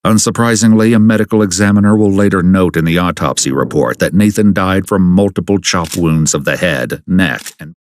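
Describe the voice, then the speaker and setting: A man giving scripted true-crime narration in a measured, grave, dramatic delivery. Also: low-pitched, no echo.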